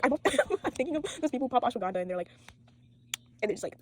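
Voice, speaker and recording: A woman's voice: lowish voice, animated, racing, noisy background. A teenage girl vlogging at home after an all-nighter, tired, swearing and rambling from topic to topic. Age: teens. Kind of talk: rambling late-night vlog.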